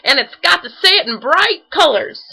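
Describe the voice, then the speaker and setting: A woman voicing a bouncy, excitable male tiger in a storybook, loud and hooting. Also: extremely high pitch, normal speed, pitched above the performer's own voice, heavily acted, rough recording. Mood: excited.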